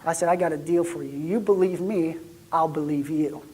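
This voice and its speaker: A man acting out an excitable young shepherd in a first-person church monologue, chatty and lively, then dropping to hushed tones. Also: fairly high pitch, moderate pace, breathy edge. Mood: hushed awe.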